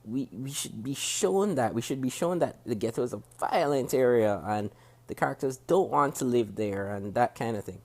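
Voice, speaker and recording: A man with a Jamaican accent, speaking to camera as he reviews a TV show. He talks in a critical, measured way and often restarts his sentences as he thinks aloud. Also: mid-range voice, a little mellow. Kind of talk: casual spoken review to camera. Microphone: camera facing the speaker.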